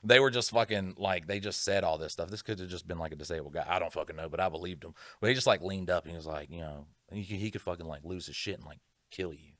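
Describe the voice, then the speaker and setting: A man's voice: low voice, fast, hardly any pauses, a bit bright, no room sound, clean studio sound. A man co-hosting a podcast, telling rambling, profane stories in casual chat. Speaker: podcast co-host.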